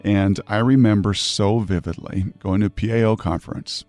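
A middle-aged man from Washington State hosting an interview, telling stories in an animated, emphatic way. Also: fairly low pitch, moderate pace, no echo, soft background music. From Puyallup, Washington, USA. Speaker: host. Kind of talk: conversational storytelling interview.

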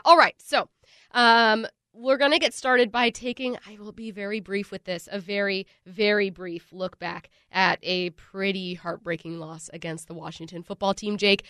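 A woman with a stuffy, nasal voice hosts a sports talk radio segment. She moves briskly through statistics and sets up questions for her co-host. The sound is close and dry, with no room echo. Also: medium pitch, a bit bright. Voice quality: nasal from a cold. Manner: brisk, leads the segment with stats.

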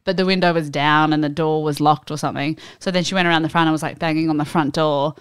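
A woman in her thirties tells a gossipy story on a podcast, filling her sentences with "like." Her voice sits a little low and comes through smooth and resonant. The sound is dry and close to the mic. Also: steady tone, quick pace, dry recording. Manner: chatty storyteller, frequent "like" fillers. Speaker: podcast co-host. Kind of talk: casual chat.

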